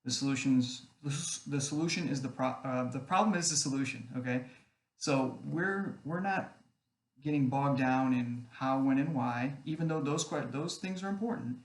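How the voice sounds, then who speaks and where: A man's voice: medium pitch, normal speed. A man rambling casually to camera, often checking in with "okay?" as he goes. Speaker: online group admin. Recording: echoey room, faint background noise.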